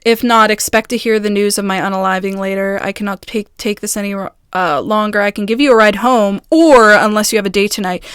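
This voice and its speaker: A woman vlogger in a casual video, reading messages aloud in quick bursts and breaking off in agitated, halting asides. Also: medium pitch, steady tone, fairly bright tone, clear, resonant tone, no echo, studio quality. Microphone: phone.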